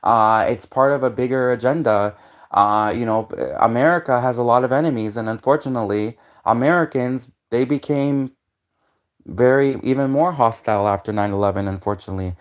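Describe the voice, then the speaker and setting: A man's voice: medium pitch, fairly quick, clear, resonant tone. Rambling man on a livestream. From Canada. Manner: rambling, repetitive, many restarts. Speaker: livestream host. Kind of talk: casual livestream monologue.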